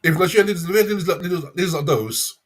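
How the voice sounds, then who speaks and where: A man in his fifties with a London accent, calling in to a live show and rambling along with halting restarts. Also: high-pitched. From England. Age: 50s. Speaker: caller. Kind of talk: casual chat.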